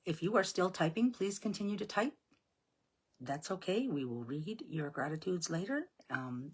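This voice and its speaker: A woman's voice: sits low, slightly rough. A woman from Nova Scotia, leading a live devotional, reciting hymns solemnly and chatting casually with viewers. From Nova Scotia, Canada. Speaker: devotional leader. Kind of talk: live-streamed devotional prayer.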